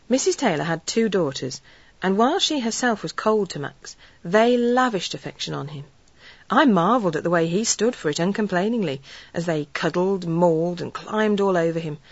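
A woman narrating a story in an earnest, measured storytelling way. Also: on the low side, no room sound, muffled recording. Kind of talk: audiobook narration.

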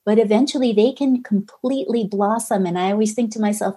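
A middle-aged woman speaks as a guest in a podcast conversation, reflective and gently reassuring. Her voice has a warm, mellow tone, and her pitch sits in an ordinary middle range. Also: a little fast, slightly rough. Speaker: author and guest.

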